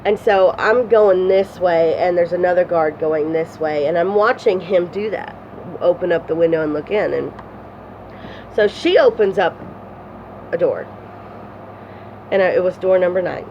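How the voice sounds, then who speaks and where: A woman telling a personal story to her phone camera, rambling and candid, with many fillers, restarts and swearing. Her pitch climbs high when she relives distress. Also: a little slow, pauses often, a little mellow, highs cut off, slight background noise. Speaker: vlogger.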